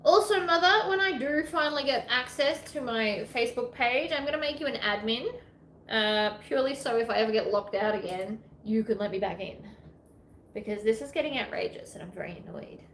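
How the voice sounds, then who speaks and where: An Australian woman talks through a sewing project in a loose, rambling way, poking fun at herself as she goes. Her voice sits fairly high. The room is echoey, with a faint hum of ambient noise behind her. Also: a little fast, a bit bright. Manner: chatty, self-deprecating, rambling asides. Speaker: sewing vlogger. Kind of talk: casual sewing tutorial chat.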